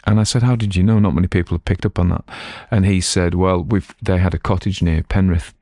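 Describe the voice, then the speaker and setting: A man's voice: low voice, steady tone, brisk, mellow, no room sound, clean studio sound. A middle-aged Cumbrian man from Cumberland, an audiobook host chatting in a digressive, self-mocking way. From Cumberland, England. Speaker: audiobook reader and channel host. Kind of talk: casual rambling chat.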